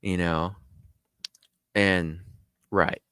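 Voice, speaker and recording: A man's voice: drawn-out words, smooth, dry recording, studio quality. A man casually retelling a story as a podcast host, loose and chatty, full of "like" and "you know". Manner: animated, acts out others' lines in squeaky high voices.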